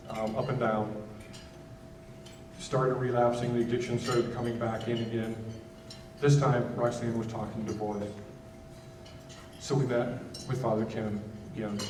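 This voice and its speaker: A man tells his own story from the stage, stopping and restarting as he searches for words. His voice is mellow and unforced. It reaches the mic from a distance, with the echo of a large hall and a faint rumble underneath. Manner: halting, candid, many restarts. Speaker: keynote speaker. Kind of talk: personal testimony speech. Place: gala event hall.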